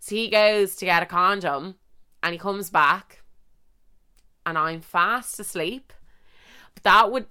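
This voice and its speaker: Young woman, Irish accent, fairly low pitch, smooth voice, chatty and profane. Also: unhurried, sharp tone. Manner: chatty, swears a lot, many fillers. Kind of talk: casual storytelling.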